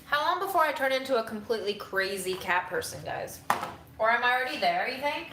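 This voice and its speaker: A woman's voice: fairly high pitch, lively intonation, fairly quick, reverberant, background noise. A woman hosting a casual livestream from home, chatting and ranting to her viewers. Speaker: livestream host.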